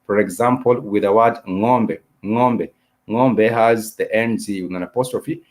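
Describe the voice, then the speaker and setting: Man, low-pitched voice, live-stream language teacher, patient, repetitive, lots of fillers, spells words out. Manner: repetitive, explanatory, many "uh" and "you know" fillers; spells out letters and repeats words slowly. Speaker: Swahili teacher.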